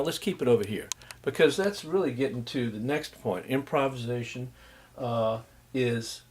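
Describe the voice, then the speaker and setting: A man teaching a music class, loosely explaining jazz rhythm and scatting and humming the patterns to demonstrate. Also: mid-range voice. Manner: scats and hums rhythms to demonstrate; unhurried, loose, with many fillers. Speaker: music instructor. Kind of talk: recorded lecture.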